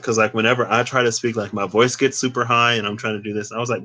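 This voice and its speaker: A man's voice: medium pitch, flat delivery, quick pace, few pauses, bright, forceful tone. A young man reading tarot casually for a vlog, rambling and digressing with plenty of fillers. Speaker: tarot reader.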